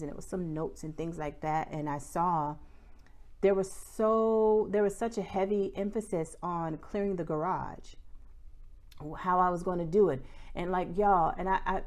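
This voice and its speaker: A woman's voice: fairly low pitch, darkish tone. A young woman talking candidly to camera about her small business, with lots of "like" and "y'all". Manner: candid, chatty, says "y'all" and "like" a lot. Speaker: small business owner and vlogger. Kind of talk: casual chat to camera.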